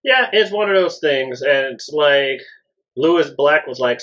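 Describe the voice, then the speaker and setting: A man co-hosting a casual wrestling podcast who rants and laughs a lot. His voice sits a little high, bright and lively in pitch. The sound is slightly dull and lo-fi. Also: measured pace. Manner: ranting, laughs a lot, does loud impressions. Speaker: podcast co-host. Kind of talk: casual wrestling recap chat.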